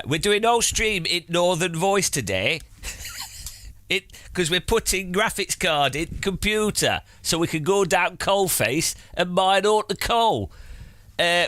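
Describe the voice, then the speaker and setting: Streamer guy doing a gruff northern pit miner, cusses nonstop, bouncy lively pitch, dry close sound. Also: no room sound, heavily acted. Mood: mock-stern. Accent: Northern English (put on). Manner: swears constantly, drops articles, bluff and jokey. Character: gruff cheerful northern English coal miner man. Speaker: live streamer. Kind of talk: comic put-on voice on a live stream.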